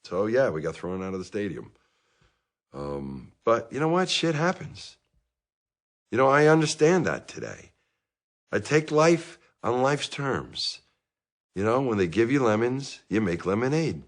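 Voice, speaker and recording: An actor playing a middle-aged divorced dad in therapy, rambling and self-justifying in a comic monologue, with bursts of anger. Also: male voice, mid-range voice, big pitch swings, unhurried. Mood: self-pitying. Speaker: therapy patient.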